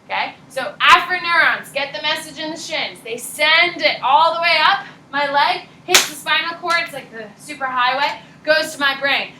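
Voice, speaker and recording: A woman teacher giving a casual, animated classroom lecture, blunt and chatty. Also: high voice, moderate pace, few pauses, slight background noise. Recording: echoey classroom from far off.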